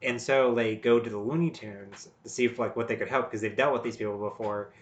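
A man co-hosting a podcast, pitching ideas haltingly with many fillers and laughs in casual chat. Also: fairly even intonation, lo-fi sound. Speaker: podcast co-host. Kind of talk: casual comedic brainstorming chat.

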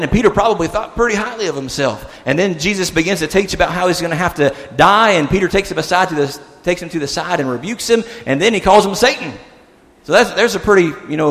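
Animated preacher in a reverberant church. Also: male voice, a little high. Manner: animated, acts out voices of the disciples, drops soft for emphasis. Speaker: pastor. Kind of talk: sermon. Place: church sanctuary. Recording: long church-hall reverb.

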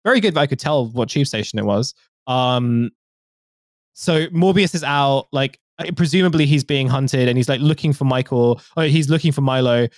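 A man's voice: medium pitch, moderate pace, no echo, studio quality. Rambling man recapping a film. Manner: rambling, full of fillers and "like". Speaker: podcast co-host. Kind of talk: casual chat, recapping a film.

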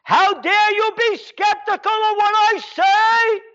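A man puts on a shrill, scolding female leader, his voice jumped far above its usual pitch as she indignantly demands obedience. The recording is a bit muffled and lo-fi. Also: fairly even intonation, takes it slowly, bright, forceful tone, full character voice.

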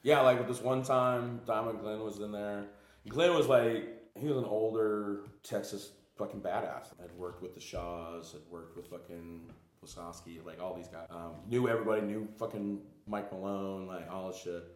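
Man, low voice, tattoo shop owner, casual profane storytelling, roomy echo. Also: fairly even intonation, normal speed. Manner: profane, rambling, heavy use of "like".

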